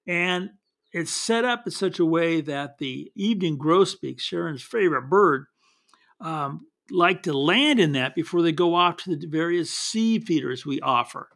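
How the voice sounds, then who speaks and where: Slow-talking folksy man giving photo tips. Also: fairly high pitch, a bit bright. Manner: folksy, meandering, with many restarts. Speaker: wildlife photography teacher. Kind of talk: casual spoken photography tips.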